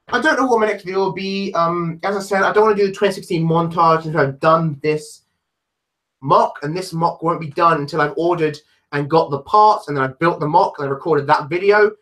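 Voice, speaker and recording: London guy rambling on his livestream, kinda high voice, lots of restarts, puts himself down a lot. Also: fairly bright tone. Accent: London English. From London, England. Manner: rambling, self-deprecating, many restarts. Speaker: livestreamer answering chat. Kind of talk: casual live stream chat.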